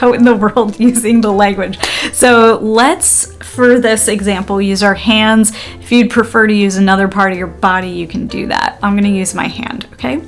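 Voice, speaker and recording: A woman teacher giving a relaxed pronunciation lesson, slowly drilling words syllable by syllable and laughing often. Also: medium pitch. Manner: slow, deliberate drilling with frequent laughs. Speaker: language teacher.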